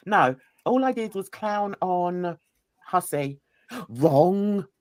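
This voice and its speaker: A woman's voice: on the low side, expressive, very slow, dry recording. A woman hosting a casual chat, mocking and laughing as she reacts to clips. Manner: mocking, laughing, sarcastic asides. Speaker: host.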